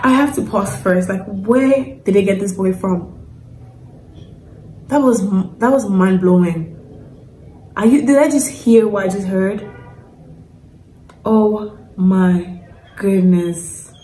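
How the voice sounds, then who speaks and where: A woman's voice: mid-range voice, measured pace, long pauses, slight background noise. A woman hosting a reaction video, exclaiming and gushing with emotion as she comments in a casual way. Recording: echoey room with loud music from the played clip. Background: loud music from the clip.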